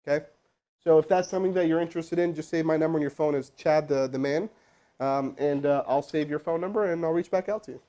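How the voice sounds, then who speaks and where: High-pitched, filler-heavy salesman. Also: fast talker. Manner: energetic, rambling, full of fillers. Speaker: host making live sales cold calls. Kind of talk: casual phone sales talk and coaching.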